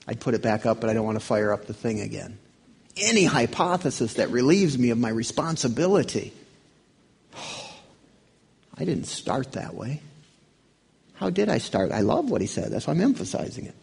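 A man delivers a sermon in a relaxed, conversational way, asking his listeners questions. His voice is gravelly and a little husky. His pitch moves up and down a lot as he preaches. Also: normal speed, pauses often. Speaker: pastor.

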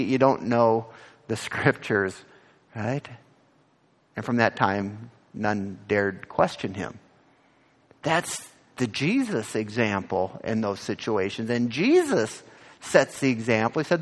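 A man preaches in a sanctuary with long reverb, and his voice swings widely in pitch. He has an ordinary middle register and climbs to loud emphatic peaks on scripture. He keeps putting direct questions to the congregation. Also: sing-song, takes it slowly. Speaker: pastor. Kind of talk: sermon.

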